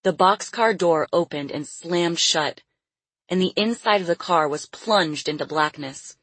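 A woman narrating a novel as an audiobook in a steady reading voice. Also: on the low side, a little slow, breathy edge, dry recording. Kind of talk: scripted narration.

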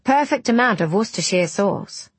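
A woman's voice: mid-range voice, lively intonation, normal speed, breathy edge, dry recording, pitched above the performer's own voice. A woman voicing a curious, polite young woman who asks eager questions.

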